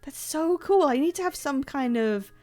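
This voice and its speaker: Excitable, lively woman streamer. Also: high voice, moderate pace, faint music behind. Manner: chatty, excitable, self-deprecating, rambling. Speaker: livestreamer playing a video game. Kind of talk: casual live-stream chat.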